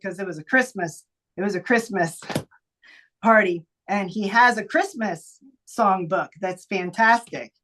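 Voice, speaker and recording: A woman's voice: medium pitch, fairly even intonation, normal speed, fairly bright tone, slight background noise, poor audio. Enthusiastic woman presenting to teachers. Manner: enthusiastic, chatty, playful with silly voices and sing-song bits. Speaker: teacher trainer presenting book picks.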